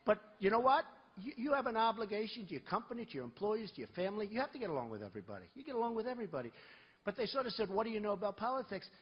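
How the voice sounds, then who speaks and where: A presidential candidate speaking at a campaign rally, telling rambling, boastful stories in a conversational way. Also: male voice, high-pitched, big pitch swings, racing, breathy edge, muffled recording. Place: large rally venue.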